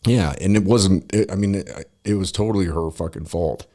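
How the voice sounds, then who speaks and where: A man's voice: sits low, moderate pace, dark tone. A man in his forties telling a rambling, profane story in casual chat, full of fillers and restarts. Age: 40s. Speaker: podcast host.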